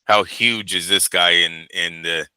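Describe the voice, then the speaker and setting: A man's voice: deep voice, fairly even intonation, unhurried, bright, forceful tone, clear, resonant tone, no echo, low-quality recording. A man co-hosting a boxing talk show, chatting casually in an emphatic, teasing and opinionated way. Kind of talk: casual chat.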